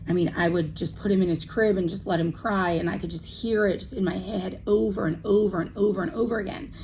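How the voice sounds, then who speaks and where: Woman, 30s, vlogger, candid and emotional, low voice, halting delivery. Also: vocal fry, warm tone, a little hiss or hum, low-quality recording. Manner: halting, full of ums and restarts, emotional. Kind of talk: candid personal chat to camera.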